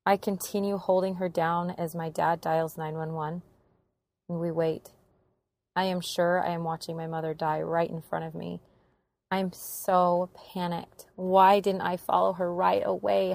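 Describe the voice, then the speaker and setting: Gravelly-voiced young woman telling a story. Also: fairly low pitch, no room sound. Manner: earnest, emotional retelling. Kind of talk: personal story narration.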